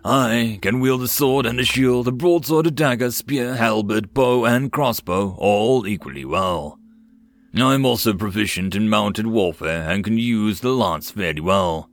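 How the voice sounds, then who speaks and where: A man's voice: on the low side, measured pace, no room sound. A man voicing a proud young male knight with a brassy, blunt way of speaking.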